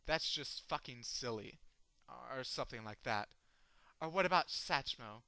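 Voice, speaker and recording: A man's voice: medium pitch, lively intonation, unhurried, gravelly, pushed and bright, no echo, low-quality recording. A man performing a long rhyming comic poem as a sardonic, sweary rant. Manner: ranting, sardonic, rhythmic, swearing. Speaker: poetry reader.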